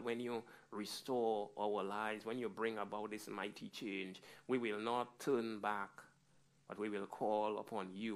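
A man preaching a verse-by-verse sermon as pastor, moving between low, quiet passages and loud, raised preaching.

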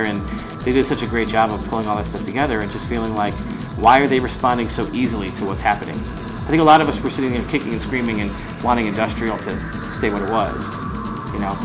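A man's voice: lowish voice, rough recording. A man reflecting in an interview.

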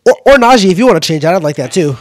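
High-voiced guy hyping up his team live, swears a lot, voice bouncing all over. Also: very fast. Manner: profane, excitable cheering, talks to players. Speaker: football reaction streamer. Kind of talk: live game reaction. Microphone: desk mic.

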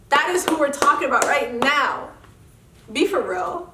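A woman's voice: high voice, lively intonation, unhurried, fairly bright tone, a little hiss or hum. A young woman talks earnestly to her viewers, encouraging them in a casual faith chat. Her nose is stuffed up. She sits a little back from the mic in a roomy, echoey space. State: congested nose. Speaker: vlogger host. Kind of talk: casual motivational faith talk. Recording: echoey room, mic at a distance.

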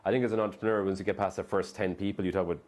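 Deep voiced guy rattling on about startups, quick, lots of restarts. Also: steady tone, darkish tone. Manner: rapid, rambling, many fillers and restarts. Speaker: startup founder, guest speaker. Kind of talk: conversational interview on stage. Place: live event venue.

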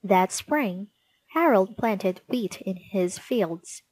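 A woman reading a children's storybook aloud, gently and clearly. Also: mid-range voice, lively intonation, takes it slowly, no room sound.

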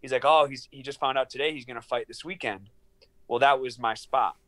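A man in his thirties on a video call from his small studio apartment, telling a long story in an animated, profane way and acting out the dialogue. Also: medium pitch, a little fast. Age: 30s. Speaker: guest, professional fighter. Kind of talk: casual storytelling interview.

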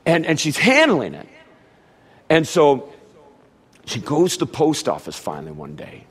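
A middle-aged man preaching a sermon, telling a family story in a storytelling manner and doing animated impressions of his relatives. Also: a little high, a little slow, breathy edge. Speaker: pastor.

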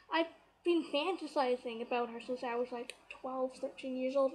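A woman's voice: sits high, a little fast, low-quality recording. A young woman from Canada chatting animatedly through a personal story, full of fillers. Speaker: vlogger.

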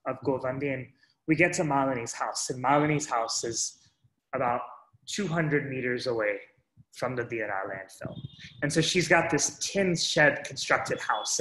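A man's voice: mid-range voice, bright, forceful tone. A man earnestly telling a first-person story to an audience, stringing his sentences together with "and so". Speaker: speaker sharing a story. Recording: echoey room.

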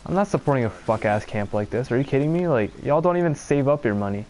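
Playing a video game on stream, a young Pennsylvania man rambles and curses in casual, frequently exasperated commentary. He talks fast and animatedly in a mid-range, darkish voice, with a little hiss or hum in the audio.

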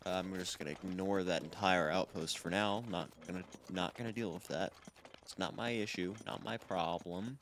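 A man's voice: low-pitched, moderate pace, a bit bright, a little hiss or hum. A man hosting a video game let's play, rambling casually and joking at his own expense while talking to his viewers. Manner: rambling, self-deprecating, talks to viewers. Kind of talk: casual gameplay commentary. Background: game music.

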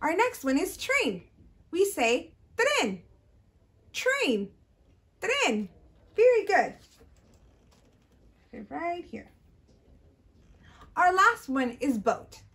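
A woman's voice: very high voice, big pitch swings, slow pace, pauses often, fairly bright tone. A woman reading a bilingual storytime for small children, sing-song and exaggerated, switching between English and Spanish. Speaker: children's librarian.

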